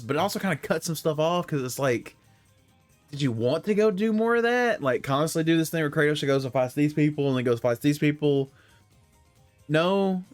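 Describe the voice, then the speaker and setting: A young man rambling through casual opinions on video games, full of fillers and self-corrections. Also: on the high side. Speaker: gaming commentator.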